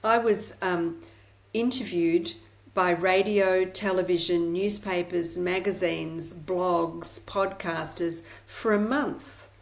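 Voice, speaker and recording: Middle-aged woman journalist guest, lowish voice, candid and forthright. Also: steady tone, slow pace. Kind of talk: podcast interview.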